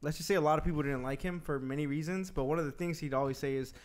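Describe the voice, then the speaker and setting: A man's voice: fairly high pitch, very fast. A young man in a casual podcast chat, teasing his friends and telling a joking story.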